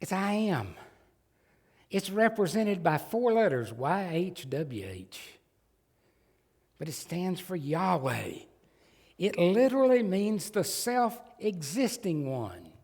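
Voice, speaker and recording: Slow, animated Southern pastor in a reverberant church. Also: male voice, high voice. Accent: Southern American. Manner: folksy, emphatic preaching with asides. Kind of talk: sermon. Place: church sanctuary. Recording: long church hall reverb.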